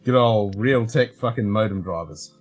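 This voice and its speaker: A laid-back man with a lowish, husky voice, running the tech for a casual live stream. He talks easily and swears now and then, with faint music in the background. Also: normal speed. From Australia. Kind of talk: casual chat.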